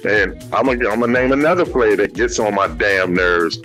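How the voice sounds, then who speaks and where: A man's voice: lowish voice, brisk, fairly bright tone, soft background music. Emphatic man making a sports argument. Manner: emphatic, informal speech. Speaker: sports talk co-host. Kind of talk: heated sports debate.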